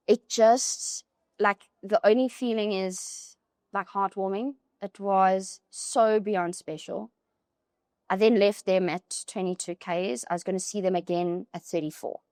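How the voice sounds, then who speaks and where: A young woman, a podcast guest telling a personal story in an animated way, full of "like" fillers. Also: medium pitch, no echo, clean studio sound.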